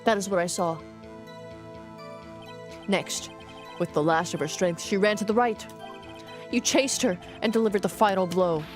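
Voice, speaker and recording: A woman's voice: medium pitch, a little slow, long pauses, over music. A woman streaming a game in casual commentary, playful and cursing, reading the game's text aloud as she goes.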